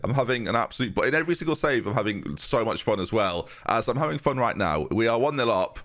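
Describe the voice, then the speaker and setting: A young man giving chatty, excitable commentary over a football management game, talking straight to his viewers. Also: mid-range voice. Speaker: game YouTuber. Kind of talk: let's-play commentary.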